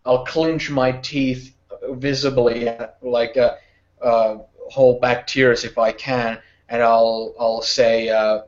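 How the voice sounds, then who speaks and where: A man playing a tabletop role-playing game, halting with many fillers. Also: mid-range voice, little pitch movement, muffled recording. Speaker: player.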